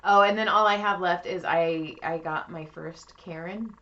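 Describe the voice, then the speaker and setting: A middle-aged woman co-hosting a podcast, telling stories in a casual, animated way and swearing freely. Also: fairly low pitch, unhurried. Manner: animated, swears freely, acts out quoted voices. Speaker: podcast co-host. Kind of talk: casual storytelling chat. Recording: muffled lo-fi podcast audio.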